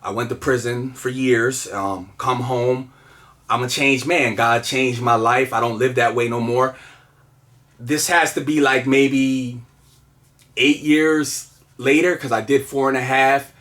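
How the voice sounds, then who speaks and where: A man's voice: mid-range voice, steady tone, measured pace, fairly bright tone. A man telling a personal story in casual, earnest conversation, with lots of fillers and restarts. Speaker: guest telling his story.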